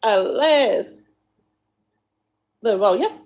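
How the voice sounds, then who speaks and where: A woman's voice: mid-range voice, measured pace, vocal fry, pauses often, darkish tone. A woman chatting to viewers while doing hair, swearing freely and calling them y'all. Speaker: hair vlogger.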